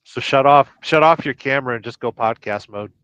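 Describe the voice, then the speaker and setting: A man's voice: medium pitch, brisk, a bit bright, clean tone, no room sound, muffled recording. A man chatting on a live stream, wry, offering tips and teasing asides. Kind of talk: casual chat on a live stream.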